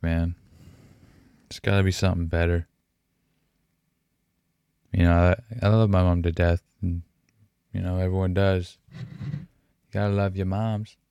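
A deep, smooth-voiced young man hosts a podcast in a dry, close-sounding room. He speaks in halting, emotional bursts, swearing and restarting his sentences, often sighing between thoughts. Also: a little mellow, dry recording. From Canada. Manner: halting, profane, full of fillers and restarts. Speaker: podcast host. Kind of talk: candid emotional podcast talk.

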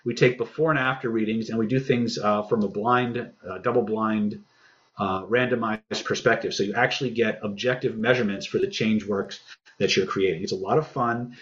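Man, self-help presenter, low voice, salesy course pitch, muffled lo-fi audio. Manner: fast salesy delivery with many fillers and restarts.

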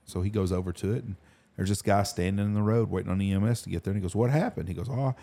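A man hosts a casual chat, rattling off blunt, crude stories at a fast clip. His voice is low-pitched and mellow. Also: flat delivery, gravelly. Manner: rapid, blunt, crude storytelling. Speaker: podcast host.

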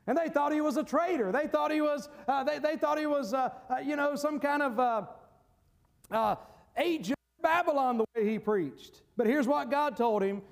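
A male preacher with a very high voice delivers a sermon. He is emphatic, laughs between points and rises to shouts. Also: moderate pace, vocal fry.

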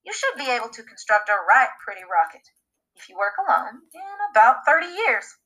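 A woman voicing a relaxed, casual townsman who drawls good-naturedly. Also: fairly high pitch, a little fast, rough recording. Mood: amused. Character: easygoing unhurried male townsman.

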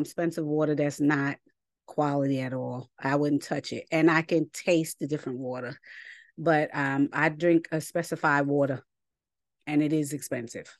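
A woman's voice: sits low, no echo, clean studio sound. A woman teaching a scripture lesson in a chatty, colloquial way, reading passages and breaking off into asides. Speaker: Bible teacher.

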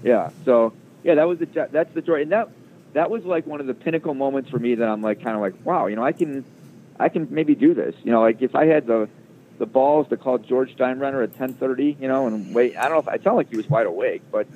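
A sports radio producer from the Chicago area, guesting on a casual interview, tells a long, rambling story full of fillers and restarts. He talks at a quick pace in a medium-pitched voice over a tinny, phone-like line with a little hiss or hum.

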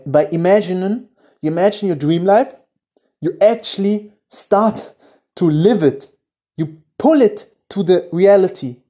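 German guy doing a solo motivation podcast, mellow warm voice, excited, swears a lot, gets quiet and dreamy. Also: a little high. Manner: enthusiastic, swears casually, drops to a hushed voice while visualizing. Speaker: podcast host. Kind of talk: motivational monologue with guided visualization.

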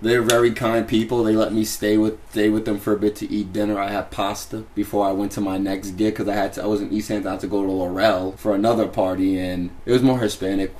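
Animated storyteller man. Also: on the low side, quick pace, few pauses. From Long Island. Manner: animated storyteller, acts out quoted voices. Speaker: podcast co-host. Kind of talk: casual chat.

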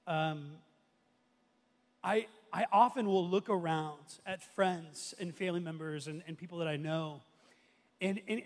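A man in his thirties preaching as a pastor from a church stage, telling a story in a loose conversational way full of restarts and fillers. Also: a little high. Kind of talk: sermon. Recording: long hall reverb.

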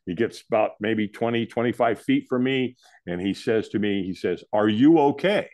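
An older man from California, a podcast guest telling a personal story in a lively way, acting out the other people's lines. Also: fairly low pitch, normal speed. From California, USA. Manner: animated storyteller who acts out the quoted voices. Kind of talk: storytelling in an interview.

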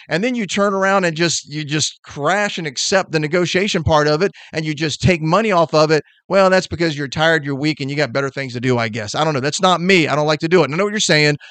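A middle-aged man rattles off blunt, emphatic sales advice at high speed, like a motivational podcast host. His voice sits fairly high for a man. The sound is dry, with no room echo. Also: a bit bright. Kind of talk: energetic motivational talk.

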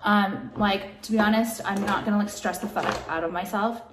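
A woman's voice: mid-range voice, fairly even intonation, normal speed, roomy sound, noisy background. A woman makeup vlogger ranting at home, exasperated and profane, with "like" in nearly every sentence. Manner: exasperated, profane, heavy use of "like". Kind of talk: ranting vlog monologue.

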